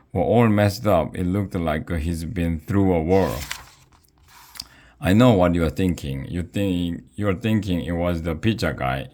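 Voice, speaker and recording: A man reading a children's book aloud with a playful, expressive narration. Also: low-pitched.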